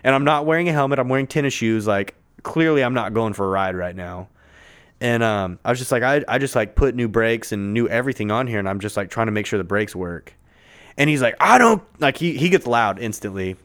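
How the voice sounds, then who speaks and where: A man's voice: lowish voice, a little fast, smooth. A man on a podcast telling a long, rambling story in casual chat, full of swearing and fillers, recorded in a conference room. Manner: profane, filler-heavy, rambling.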